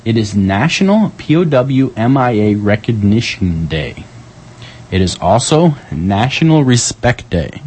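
Lively low-voiced male radio host. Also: a little slow, husky, low-quality recording. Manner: playful, jokey, reading calendar items with lively ups and downs. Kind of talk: casual radio chat.

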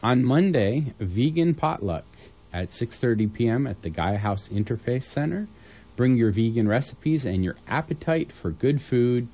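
A man's voice: medium pitch, animated, normal speed, dark tone, dull audio. A man from southern Illinois co-hosting community radio news, casual and joking, with rambling asides between listings. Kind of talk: casual on-air chat and listings.

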